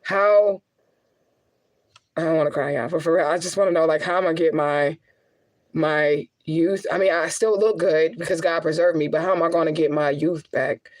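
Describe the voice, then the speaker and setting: In this rough recording, a low, slightly mellow female voice belongs to a middle-aged spiritual medium. She addresses the camera directly, rambling emotionally with plenty of profanity in an unpolished vlog.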